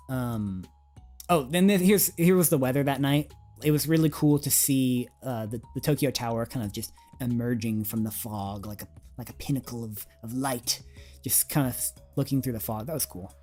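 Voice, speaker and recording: A man chatting on a livestream in a loose, rambling way. He speaks at a mid pitch and fills his sentences with "like" and little chuckles. Faint music plays underneath. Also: measured pace, dark tone. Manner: rambling, fillers, frequent "like", chuckles. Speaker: streamer. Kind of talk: casual livestream storytelling.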